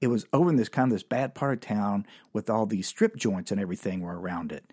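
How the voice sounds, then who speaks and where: A man's voice: lowish voice, quick pace, darkish tone, husky, no room sound, studio quality. A man hosting a podcast and telling his own comedy stories from memory, rambling and self-deprecating with lots of fillers. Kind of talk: comic storytelling from memory.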